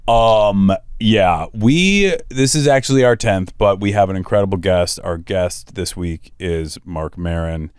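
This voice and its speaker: A man co-hosting a comedy podcast, trading quick, playful, teasing back-and-forth. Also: sits low, darkish tone, clear, resonant tone, no room sound, studio quality. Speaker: podcast co-host. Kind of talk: casual comedic chat.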